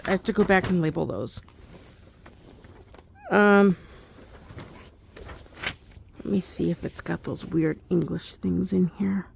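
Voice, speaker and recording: A woman's voice: mid-range voice, creaky, slight background noise. A young woman giving a casual, rambling study update, thinking aloud with fillers and little laughs. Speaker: homeschool student.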